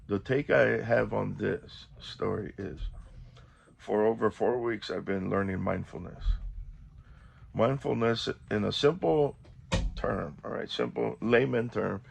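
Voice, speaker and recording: A man's voice: on the low side, takes it slowly, creaky, pauses often, a little hiss or hum. A man vlogging, telling a story casually and animatedly, acting out the quotes.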